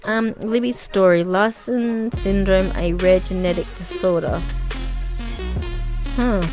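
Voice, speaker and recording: A woman chatting casually as a vlogger, rambling from thought to thought with plenty of ums and chuckles. Her voice sits at a mid pitch, with faint music behind her. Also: slow pace. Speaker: vlogger reacting to video listings.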